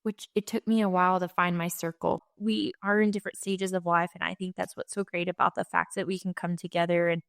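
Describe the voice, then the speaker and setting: A woman hosting a podcast, speaking in a measured, sincere way with long reflective sentences. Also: on the low side, level tone, vocal fry, dry recording, clean studio sound. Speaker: podcast host. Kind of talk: warm conversational interview.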